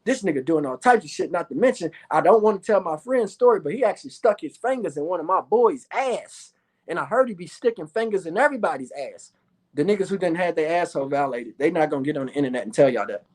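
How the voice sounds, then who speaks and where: A man with a Louisville, Kentucky accent tells his own story in a loose, profane monologue. He talks excitably and jumps into other people's voices as he goes. The delivery is animated and unscripted. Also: on the high side, fast talker.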